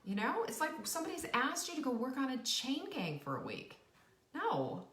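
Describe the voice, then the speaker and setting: A middle-aged woman hosting a live stream, giving an emphatic, animated motivational talk and playfully acting out quoted voices. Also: sits high, normal speed. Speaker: host of a live cooking and nutrition show. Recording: roomy echo, voice a bit off-mic.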